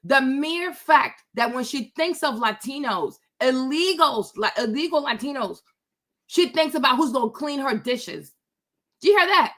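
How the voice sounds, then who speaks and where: A woman's voice: high-pitched, lively intonation, a little slow, fairly bright tone. Emphatic woman host ranting. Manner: emphatic, repetitive, keeps asking "right?"; addresses viewers by name. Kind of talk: casual commentary rant.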